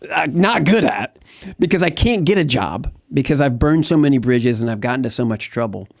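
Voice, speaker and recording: A man's voice: mid-range voice, lively intonation, quick pace, a little mellow, dry recording, studio quality. Candid middle-aged man telling his story. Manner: candid, rambling storyteller with many fillers and restarts. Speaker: interview guest. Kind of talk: personal testimony in conversation.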